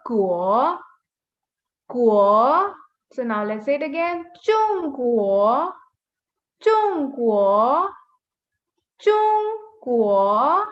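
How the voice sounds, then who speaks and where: A woman teaching an online Mandarin lesson, slowly drilling pronunciation with repeated model words. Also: high-pitched. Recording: slightly dull webinar audio.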